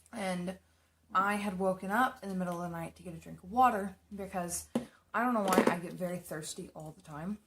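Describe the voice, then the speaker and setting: A young woman casually telling stories while doing her makeup, chatty and rambling, swearing freely. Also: mid-range voice. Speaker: makeup streamer.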